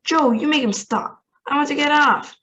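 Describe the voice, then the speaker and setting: A woman's voice: mid-range voice, very animated, normal speed, highs cut off. Brief: grumpy old grandma, suspicious and whiny, woman storyteller doing the voice. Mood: grumbling. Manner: complaining. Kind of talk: storybook read-aloud.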